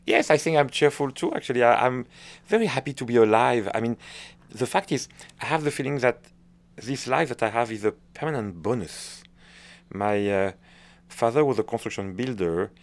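A middle-aged conductor from France, speaking with a French accent in a mid-range voice at normal speed, answers interview questions hesitantly, searching for words and often restarting.

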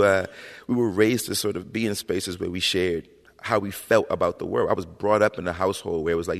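Gravelly low-voiced man telling stories in a hall. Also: brisk. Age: 30s. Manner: animated, slangy, repeats "right?". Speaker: author, interview guest. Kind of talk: conversational storytelling on stage. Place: hall with a live audience. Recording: long reverb in a large hall.

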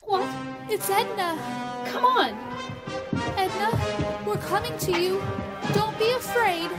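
A woman playing a frightened young woman trapped in an isolated cabin, acting in an old-time radio play style with urgent shouting. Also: extremely high pitch, slow. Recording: played under loud dramatic music.

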